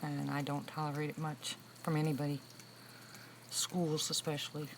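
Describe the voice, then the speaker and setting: A woman's voice: deep voice, flat delivery, normal speed, a little hiss or hum, poor audio. A woman in her sixties chatting casually with viewers on a livestream, telling stories and laughing often. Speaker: livestream host. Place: room with a loud air conditioner.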